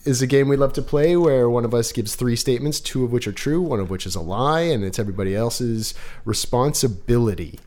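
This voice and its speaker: A man's voice: medium pitch, a little fast, a little mellow. A man hosting a casual chat, playfully introducing a game and guest. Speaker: host.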